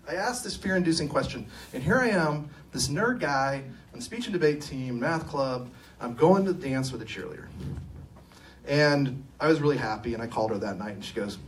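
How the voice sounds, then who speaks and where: A man's voice: medium pitch, moderate pace. Middle-aged man, funny self-deprecating speaker, recorded from a distance, faint room hum. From Sacramento, California. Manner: self-deprecating, humorous, lively storyteller. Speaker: company co-owner and engineer giving a talk. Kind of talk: conference talk with personal storytelling. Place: event room at a live talk.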